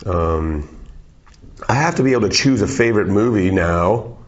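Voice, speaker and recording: Deep-voiced man rambling goofily. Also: animated, normal speed. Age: 40s. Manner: goofy, wandering, self-interrupting. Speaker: musician interviewee. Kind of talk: rambling, joking interview answers. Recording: dull, lo-fi recording.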